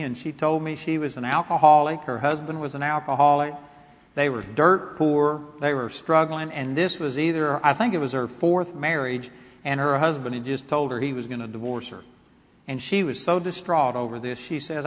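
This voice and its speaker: A man preaching a sermon, telling a story and building to loud, emphatic exhortation. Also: fairly high pitch, normal speed. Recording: long reverb of a large hall.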